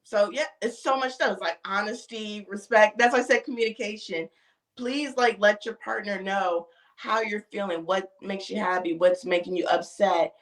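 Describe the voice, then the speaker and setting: Female podcast guest, mid-pitched, lively storyteller, casual chat. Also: normal speed. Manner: lively, acts out quoted dialogue.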